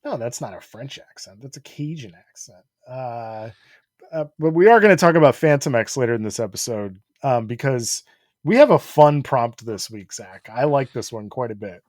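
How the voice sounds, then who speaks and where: A man in his forties co-hosting a podcast, easygoing and quick to laugh. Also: medium pitch, animated, darkish tone, no echo, clean studio sound. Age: 40s. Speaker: podcast co-host. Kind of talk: casual comedic chat.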